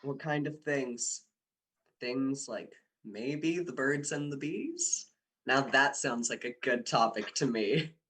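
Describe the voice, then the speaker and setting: Young actor as a smooth-talking student boyfriend, teasing and insistent, middle-pitched voice, radio play. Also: male voice, takes it slowly, fairly bright tone. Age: young adult. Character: young male university student, persuasive boyfriend. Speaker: boyfriend Dick. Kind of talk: amateur radio drama acting.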